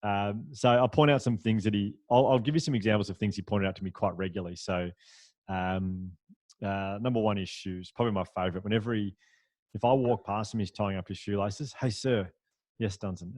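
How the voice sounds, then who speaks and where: A man, a podcast guest, telling a story in a lively, anecdotal way, with frequent restarts and fillers. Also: lowish voice, dry recording. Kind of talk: storytelling in a conversational interview.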